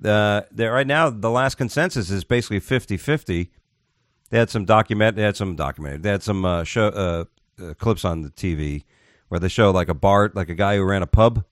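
A man's voice: fairly low pitch, a little fast, no echo, clean studio sound. A man co-hosting a podcast in casual chat, rambling and joking. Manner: rambling, jokey, puts on silly voices. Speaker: podcast co-host.

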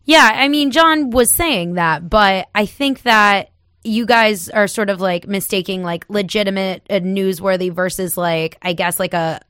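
A woman's voice: mid-range voice, unhurried, fairly bright tone, clean tone, no echo, studio quality. A woman co-hosting a radio talk show, speaking hesitantly and filling her sentences with "like" and "I mean".

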